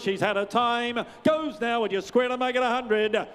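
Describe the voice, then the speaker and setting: A male auctioneer with a New Zealand accent rattles off bids in a quick, rhythmic chant, breaking off to coax and tease the bidders. His voice sits high and rings out clear and smooth. It carries a long reverb from the large sales hall. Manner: fast rhythmic bid calling with banter to bidders.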